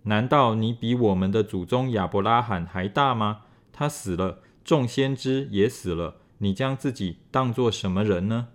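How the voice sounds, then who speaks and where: A man gives a measured, even reading of scripture, his voice pitched fairly low.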